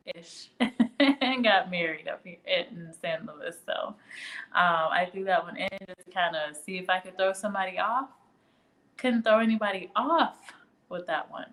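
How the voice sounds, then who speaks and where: Slow, chatty Midwestern woman host. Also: mid-range voice, a bit bright, rough recording. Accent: Midwestern American. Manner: chatty, reads viewer comments aloud, laughs often. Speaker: livestream trivia host. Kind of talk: casual live trivia chat.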